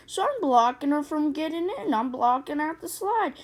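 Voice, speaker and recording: A woman telling a personal story in a casual storytime narration, animated and acting out the quotes. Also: sits high, normal speed.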